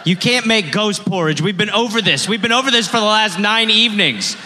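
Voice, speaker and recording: A man's voice: high-pitched, fairly quick, long reverb tail, a little hiss or hum. A man co-hosting a live comedy podcast, riffing with an exasperated manner. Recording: live show with loud ambience.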